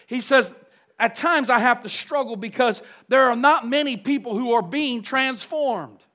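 A man's voice: extremely high pitch, fairly bright tone. A pastor preaching a sermon. He often asks the congregation questions and builds emphasis through repetition.

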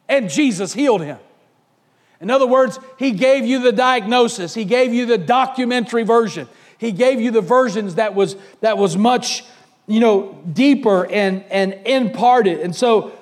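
A man preaching a sermon, quoting scripture aloud and often restarting and repeating his words. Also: very high-pitched.

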